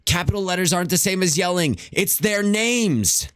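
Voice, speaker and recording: A man voicing a jumpy, whiny young male daredevil who talks in a high, strained, complaining way. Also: expressive, normal speed, a bit bright, clear, resonant tone, no echo, clean studio sound.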